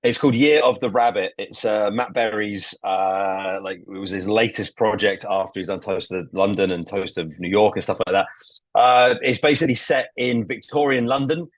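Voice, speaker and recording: A man's voice: on the low side, moderate pace, no room sound. A man co-hosting a podcast, enthusiastically recounting a comedy show and swearing freely. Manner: enthusiastic, swearing, acting out scenes. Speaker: podcast co-host. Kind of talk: casual podcast chat.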